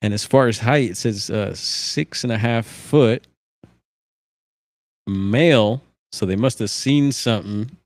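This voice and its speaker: A man hosting a casual livestream, reading reports aloud with relaxed, musing asides. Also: fairly low pitch, slow, no echo. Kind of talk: casual live commentary.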